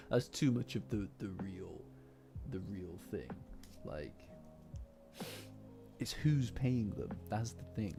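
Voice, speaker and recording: A low-pitched man talks loosely to his stream chat, looping back on himself, swearing and chuckling as he answers comments. Soft lofi music plays faintly under his voice. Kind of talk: casual live-stream chat.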